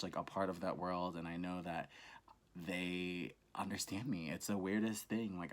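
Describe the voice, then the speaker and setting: Low-voiced young guy rambling excitedly on his reaction vlog, tons of "like"s. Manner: gushing, enthusiastic, rambling with many fillers. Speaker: reaction channel host.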